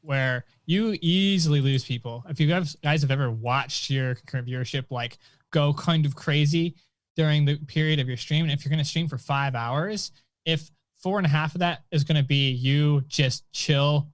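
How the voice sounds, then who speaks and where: A man co-hosting a casual chat about streaming, speaking thoughtfully with pauses. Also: fairly high pitch, no room sound. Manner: thoughtful, with fillers and restarts. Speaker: co-host.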